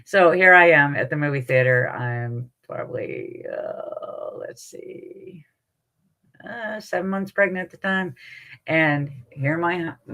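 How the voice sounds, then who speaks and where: A middle-aged woman hosting a live stream, telling stories to her chat in an animated, salty way and laughing often. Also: extremely low pitch. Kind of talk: casual chat with viewers.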